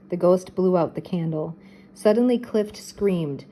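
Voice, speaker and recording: Older woman, children's storybook reader, expressive, mellow dark voice. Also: on the low side, measured pace, rough recording. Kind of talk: children's storybook read-aloud.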